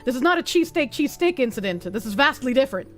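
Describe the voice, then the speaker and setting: A woman's voice: high-pitched, expressive, faint music behind. A woman from Boston with a Boston accent, streaming and chatting casually with viewers in a loose, profane way. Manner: loose, profane, quick to laugh. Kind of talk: casual chat reading viewer comments.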